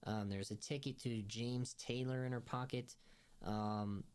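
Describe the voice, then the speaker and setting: A man's voice: mid-range voice, fairly even intonation, a little slow, a little mellow, clean tone. Rambling man recapping a show. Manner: rambling recap full of fillers and restarts; laughs while retelling scenes. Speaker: film review podcast host. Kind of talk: casual review chat.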